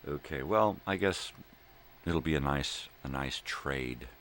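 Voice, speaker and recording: A man's voice: rumbling low, slow, a bit bright, slight background noise. An older man hosting his own daily show, rambling casually at home with laid-back slang, jokes and thinking aloud.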